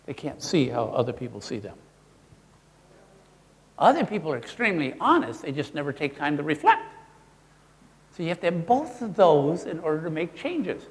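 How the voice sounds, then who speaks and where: A man presenting a live workshop, playful and animated, quizzing the audience as he teaches. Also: fairly high pitch, moderate pace, long pauses, big-room sound. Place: seminar room with an audience.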